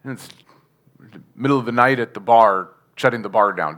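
Guy giving a sermon testimony, bright ringing voice, mid pitch, chuckles now and then. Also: normal speed. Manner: earnest storytelling with chuckles, addresses the congregation. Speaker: preacher.

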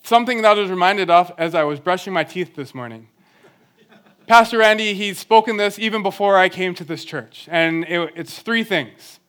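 Young male church speaker, high-pitched, earnest and conversational, pokes fun at himself. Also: moderate pace, fairly bright tone, smooth. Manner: earnest, conversational, self-deprecating humor. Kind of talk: sermon.

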